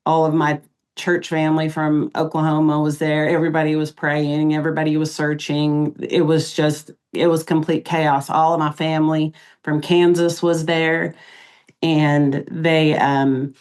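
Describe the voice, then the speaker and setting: A middle-aged woman, a podcast guest, recounting events in an emotional interview, halting with many pauses and fillers. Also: sits low, little pitch movement, darkish tone.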